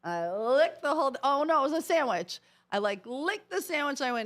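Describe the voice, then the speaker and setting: A woman's voice: high-pitched, big pitch swings, a little fast, hardly any pauses, a bit bright. Middle-aged woman co-hosting radio chat. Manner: storytelling, laughing often. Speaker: radio co-host. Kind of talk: casual on-air chat.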